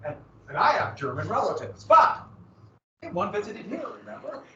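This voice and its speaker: A male history teacher lecturing a class in a lively manner, with sarcastic asides to his students. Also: sits high, moderate pace, a little hiss or hum. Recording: echoey, distant, dull classroom recording.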